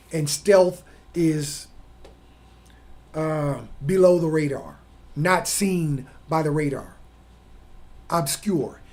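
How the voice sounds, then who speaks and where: A man's voice: sits high, a bit bright. A man hosting his own channel, delivering an opinion monologue in an emphatic, lecturing way with rhetorical questions. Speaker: channel host.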